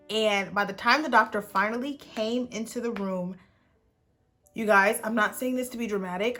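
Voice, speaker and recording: A young woman vlogger telling a personal story in a casual, animated way, acting out the people she quotes and saying "like" often. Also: mid-range voice. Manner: animated, acts out quotes, frequent "like".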